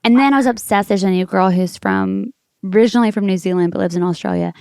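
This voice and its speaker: A woman co-hosting a podcast, chatting casually and enthusiastically with quick asides. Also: medium pitch, big pitch swings, vocal fry, darkish tone, clear, resonant tone, dry recording, clean studio sound. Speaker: podcast co-host. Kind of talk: casual chat.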